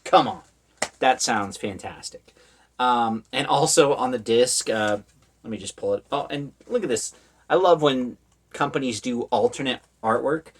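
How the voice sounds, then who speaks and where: A man's voice: medium pitch, expressive, a little slow, breathy edge. Rambling casual male collector vlogger. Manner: rambling, frequent ums and uhs, amused. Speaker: horror media collector vlogger. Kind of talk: casual haul video chat.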